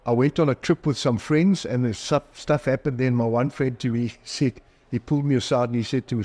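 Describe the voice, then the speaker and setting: A man's voice: mid-range voice, fairly even intonation, fairly quick, a little mellow. A middle-aged man, a psychologist and author, talking candidly in a podcast interview, telling stories about himself and acting out the voices in them. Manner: candid, self-deprecating storyteller who acts out quoted dialogue.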